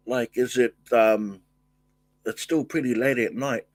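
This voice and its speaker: An older man hosting a casual livestream, thanking viewers and reading their comments, talking in halting bursts with many fillers and restarts. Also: mid-range voice, fairly even intonation, no room sound. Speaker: livestream host.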